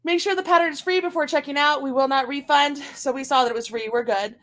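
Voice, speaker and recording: A woman's voice: high voice, steady tone, fast, a bit bright. A woman hosting a casual live craft stream, chatting as she clicks through a website. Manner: chatty, talks to her dog while scrolling.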